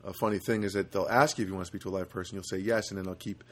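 A man's voice: sits low, fairly even intonation, racing, fairly bright tone. A man hosting a solo podcast, talking casually and rambling, with lots of fillers and restarts. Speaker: podcast host.

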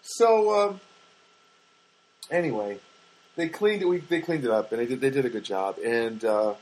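A man's voice: mid-range voice, lively intonation, moderate pace, darkish tone, low-quality recording. A middle-aged man hosting a podcast, telling a long, rambling, self-deprecating story full of fillers. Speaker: podcast host.

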